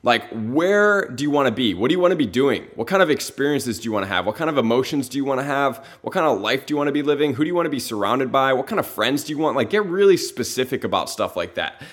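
Male motivational podcast host, earnest and conversational, stacks rhetorical questions, mid-pitched voice. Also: lively intonation, fast talker, hardly any pauses.

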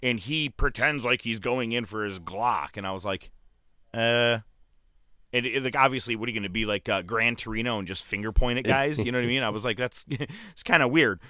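A man co-hosting a casual wrestling chat, excitable and profane, laughing often. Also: mid-range voice, fairly quick, clean tone, no echo. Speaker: podcast co-host.

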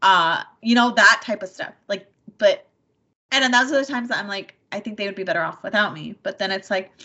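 Halting, bright-voiced woman opening up. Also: medium pitch. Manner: halting, repeats words, many "like" and "you know". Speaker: mother sharing personal struggles. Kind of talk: candid personal conversation. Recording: dull lo-fi sound.

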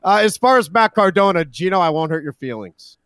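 A man's voice: sits high, lively intonation, fairly quick, fairly bright tone, smooth. A man co-hosting a casual wrestling chat, brash and profane, trash-talking his co-hosts. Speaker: podcast co-host.

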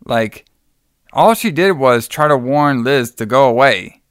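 A man's voice: mid-range voice, expressive, a little slow, a bit bright, smooth, dry recording, studio quality. A man co-hosting a casual podcast, recapping a horror movie in a rambling, profane way full of fillers.

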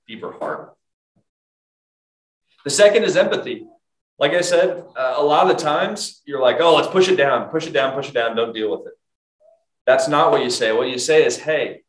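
A man in his thirties preaching a casual, conversational sermon, often acting out people's inner thoughts. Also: mid-range voice. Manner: conversational and animated, with quoted inner voices. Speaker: pastor. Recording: roomy echo.

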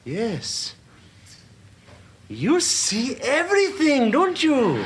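An actor with a Pakistani accent playing an eager, clingy and effusively grateful restaurant owner in a sitcom clip. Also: male voice, very high-pitched, huge pitch swings, very slow, heavy background noise, heavily acted. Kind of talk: sitcom dialogue.

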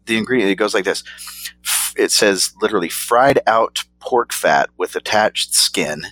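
A man's voice: on the low side, normal speed, a bit bright, slight background noise. A man co-hosting a casual snack-review chat, laughing often and trailing off mid-sentence. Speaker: podcast co-host reviewing snacks.

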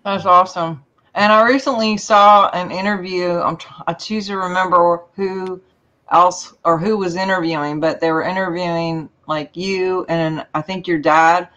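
A woman's voice: lowish voice, fairly even intonation, normal speed, a bit bright, muffled recording. A woman hosting a casual panel chat, effusive and emotional, rambling as she talks. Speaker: show host.

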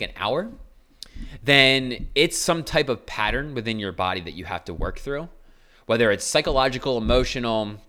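A young man hosts a podcast, delivering a casual motivational monologue in a blunt, earnest way that he himself calls aggressive. His voice sits on the low side and has a sharp tone.

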